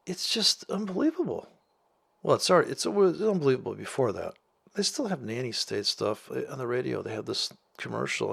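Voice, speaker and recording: With a gravelly, mid-range voice, a trading vlogger launches into a profane, sarcastic rant. He swears constantly and mocks people by putting on voices.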